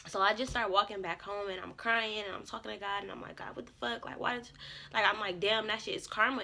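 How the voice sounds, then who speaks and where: A young woman telling a casual storytime on her vlog. She talks in a bright, forceful way, full of curses. She bursts into loud, lively bits of her own self-talk. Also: mid-range voice, gravelly. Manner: animated, profane, swings into loud self-talk. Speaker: vlogger.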